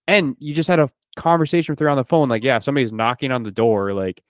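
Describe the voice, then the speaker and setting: Speaking fast with hardly any pauses, this podcast host discusses a film in a relaxed way, animatedly acting out what the characters say. His medium-pitched voice has a clean tone, and the recording is dry.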